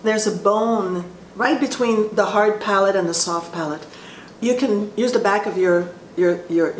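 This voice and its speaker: A woman voice teacher explaining vocal placement in a slow, halting way, often restarting her sentences. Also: medium pitch. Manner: explains slowly with frequent restarts. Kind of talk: instructional talk with sung demonstrations. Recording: roomy echo with faint ambient noise.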